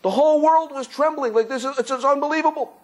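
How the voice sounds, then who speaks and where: A rabbi giving an animated Torah class, telling stories excitedly with stumbling repetitions and chuckles. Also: male voice, very high voice, fast talker. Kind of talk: animated Torah lesson with storytelling.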